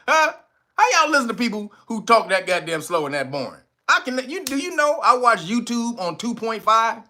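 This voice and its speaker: A middle-aged man hosting a casual livestream, loud and joking, laughing often and jumping into high playful voices. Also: big pitch swings, normal speed. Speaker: livestream host.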